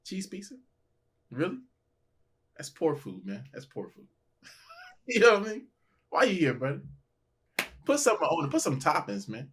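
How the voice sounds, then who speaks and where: A man's voice: fairly high pitch, huge pitch swings, moderate pace, pauses often, fairly bright tone, slightly rough. A man from Nigeria, a comedian guest, joking and teasing in a casual podcast chat and laughing often.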